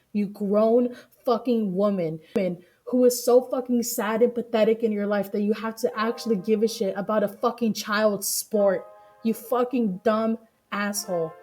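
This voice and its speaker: Woman streamer cussing and laughing through news, mid pitch, choppy stream audio. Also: a little mellow. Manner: profane, ranting, laughing, heated. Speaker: Twitch streamer reacting to news. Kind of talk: live-stream news commentary.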